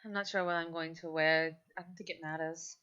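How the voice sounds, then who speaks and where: A woman's voice: steady tone, fairly quick, a bit bright, smooth. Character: a weary, sardonic woman adventurer voiced by a woman. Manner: tired, sighing, low and muttered. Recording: dull lo-fi mic.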